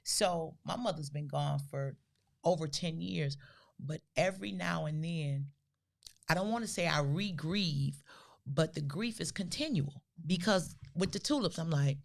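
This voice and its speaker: Casting: older woman, gravelly, lowish voice, animated storyteller on a podcast. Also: unhurried. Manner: animated storyteller who acts out quotes. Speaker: podcast co-host. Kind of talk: casual storytelling conversation.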